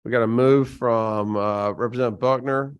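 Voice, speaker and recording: A man chairing a legislative committee meeting, speaking haltingly with many fillers and restarts. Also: mid-range voice, fairly even intonation, clean tone. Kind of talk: formal committee proceedings.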